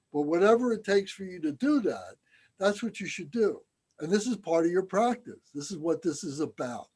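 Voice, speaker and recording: A man's voice: fairly high pitch, a little mellow. A man giving an informal dharma lesson, talking plainly and then chanting Sanskrit syllables aloud. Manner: conversational, self-deprecating, slips into chanting syllables. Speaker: dharma teacher. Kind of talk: informal teaching with chanted recitation.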